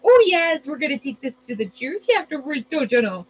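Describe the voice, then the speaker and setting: A woman's voice: high voice, very animated, fairly quick, dull audio. A woman putting on a folksy Minnesota mom voice with a sing-song Minnesota accent. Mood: folksy cheery.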